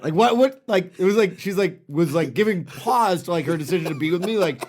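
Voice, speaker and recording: Excitable man, quick to laugh. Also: sits high. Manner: excitable, laughs often, profane. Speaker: podcast co-host. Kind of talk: casual chat.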